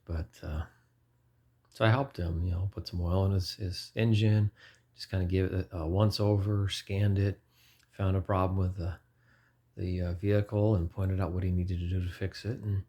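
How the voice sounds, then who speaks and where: A man's voice: deep voice, little pitch movement, moderate pace, mellow, slightly rough. A man in his forties giving an informal, earnest personal testimony, rambling and often correcting himself mid-sentence. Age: 40s. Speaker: lay preacher.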